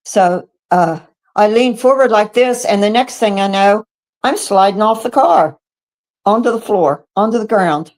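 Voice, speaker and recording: In a radio studio, a US woman in her seventies appears as a guest witness and tells her own story in the first person. Her mid-range voice moves at a measured pace as she animatedly acts out quoted dialogue, stumbling and restarting along the way.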